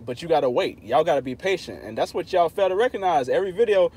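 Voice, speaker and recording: A man's voice: a little high, lively intonation, fast, few pauses, darkish tone, breathy edge. A man hosting a casual livestream, talking straight to his viewers in a playful, insistent way. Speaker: channel host talking to live chat.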